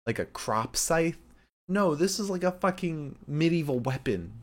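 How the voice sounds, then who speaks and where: A man's voice: a little high, expressive, measured pace. A man co-hosting a podcast, recapping a show in rambling casual chat with lots of fillers and laughs. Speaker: podcast co-host.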